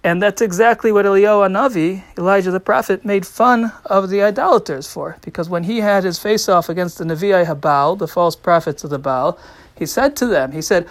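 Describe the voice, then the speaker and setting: A man's voice: high-pitched, fairly quick, no room sound. Man giving a dry, close Torah talk. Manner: storytelling, acts out quotes with rising and falling volume. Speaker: rabbi teaching.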